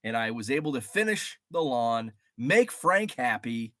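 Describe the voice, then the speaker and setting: A man hosting a casual livestream, rambling and animated, greeting viewers from the chat, a bit stuffy from allergies. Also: mid-range voice, a little slow, no room sound, studio quality. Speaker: livestream host. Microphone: studio mic.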